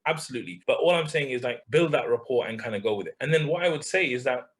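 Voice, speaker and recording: A man's voice: medium pitch, quick pace. A man coaching someone in conversation, asking pointed questions and calling him bro. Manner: direct, questioning, calls listener bro.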